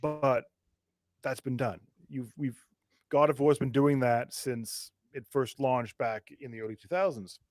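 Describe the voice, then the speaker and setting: A man's voice: mid-range voice, measured pace, darkish tone, no echo. Man thinking aloud on a podcast, dry sound. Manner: earnest, thinks aloud with restarts. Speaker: podcast co-host. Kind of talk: casual chat.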